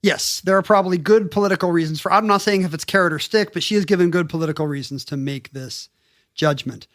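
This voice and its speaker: A man's voice: high voice, fast talker, fairly bright tone, dry recording. Dry-sounding man telling history with jokes. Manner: storytelling, jokey asides, puts on brief character voices. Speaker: podcast co-host telling a history story. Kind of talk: casual comedic history chat.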